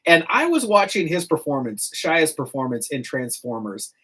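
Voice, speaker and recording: A man's voice: on the high side, moderate pace, slightly rough. Chatty middle-aged male radio host. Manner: chatty, rambling, animated with laughs. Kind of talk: casual morning radio chat.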